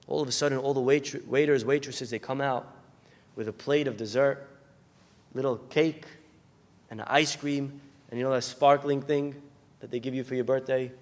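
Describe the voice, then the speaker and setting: A man's voice: mid-range voice, normal speed, long pauses. A man, a rabbi, giving a sermon full of storytelling, acting out the people in his stories and raising his voice in bursts. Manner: animated storyteller acting out characters, shouting in bursts. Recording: long hall reverb.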